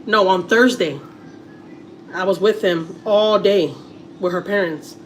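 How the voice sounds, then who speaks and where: A woman's voice: medium pitch, slow, slight background noise. A middle-aged woman with a Texas accent chatting casually to viewers on a family livestream, repeating words and using many fillers.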